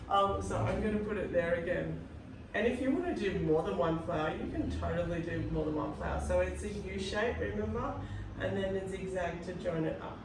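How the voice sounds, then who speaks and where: A woman's voice: mid-range voice, noisy background. A woman teaching an unscripted art class, chatty and encouraging as she talks through each step. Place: art studio. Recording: roomy, from a distance.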